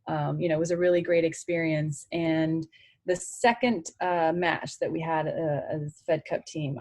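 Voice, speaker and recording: A woman in her forties talks openly in an interview, her voice pitched low and a little husky. She speaks in a heartfelt way and leans on "you know" again and again. The sound is close and dry. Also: a little mellow, dry recording, poor audio. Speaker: interview guest, former tennis player. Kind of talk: candid conversational interview.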